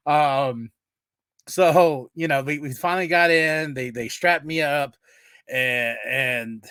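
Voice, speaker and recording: A man's voice: fairly high pitch, slow, a bit bright, smooth, dry recording. A man hosting his podcast, telling a story in a rambling, profane way with many restarts. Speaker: podcast host. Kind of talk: casual storytelling.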